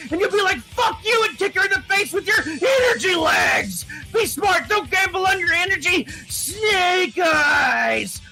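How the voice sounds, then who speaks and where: A man voicing a frantic male energy-drink pitchman in a parody commercial, screaming his hyper ad lines. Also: vocal fry, pushed and bright, exaggerated voice, poor audio. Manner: screaming hyper ad-read delivery.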